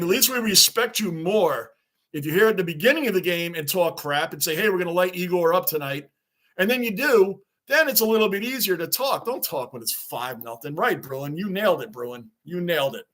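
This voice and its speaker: A man's voice: sits high, a bit bright. A man hosting a live sports reaction stream, chatting with viewers, greeting them by name and ranting about the game.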